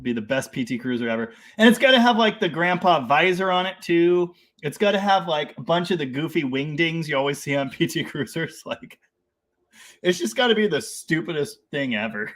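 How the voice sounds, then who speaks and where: A man's voice: on the high side, animated, normal speed, a bit bright. A man hosting a casual live stream about cars, reading out viewer comments, laughing often and rambling with enthusiasm. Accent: Canadian.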